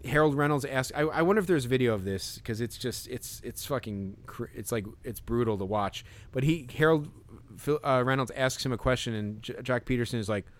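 A man co-hosting a podcast, chatting casually with lots of fillers and animated retelling. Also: mid-range voice, a little fast. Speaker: podcast co-host. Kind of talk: casual chat.

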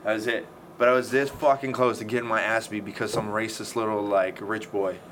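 A man's voice: fairly low pitch, level tone, a little fast, a bit bright. A man telling a story in casual chat, swearing often and acting out the scenes. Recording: faint background noise.

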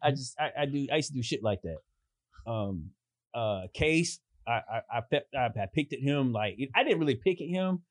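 A man telling stories in casual chat, animated and swearing, jumping into high voices when quoting people. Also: moderate pace, no room sound. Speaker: podcast guest telling stories.

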